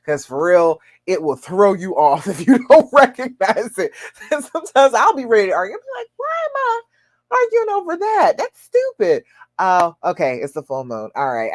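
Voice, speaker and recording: A woman hosting a live stream as a love coach, chatting casually, reading viewers' comments and laughing often. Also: no echo. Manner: chatty, laughs often, swings pitch up when quoting viewers.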